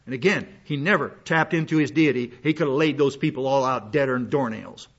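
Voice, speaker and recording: Older male pastor, rambling folksy sermon, husky slightly high voice, muffled lo-fi recording. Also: brisk. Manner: folksy, rambling with frequent fillers and restarts. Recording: dull lo-fi sound.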